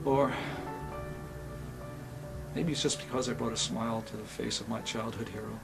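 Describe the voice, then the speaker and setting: A middle-aged male actor telling a personal story in a reflective, sometimes soft and quiet way. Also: medium pitch, fairly even intonation, moderate pace, vocal fry, over loud music.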